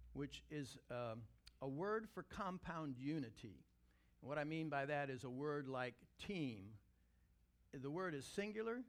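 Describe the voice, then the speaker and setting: A middle-aged man preaching a sermon as senior pastor, talking conversationally and building to emphatic peaks. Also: mid-range voice.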